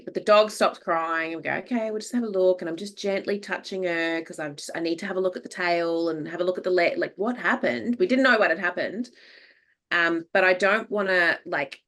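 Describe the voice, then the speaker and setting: A woman with an Australian accent hosting a podcast, telling a lively anecdote in casual chat, acting out what people said and laughing often. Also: fairly low pitch, fairly quick. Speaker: podcast host. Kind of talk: casual chat, animated storytelling.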